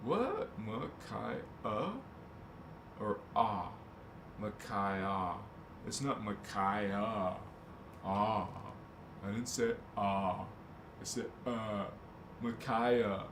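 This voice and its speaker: Male livestream host, very slow and drawn-out, rambling and joking; roomy echo, faint rumble. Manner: slow, drawn-out, musing aloud, joking and swearing.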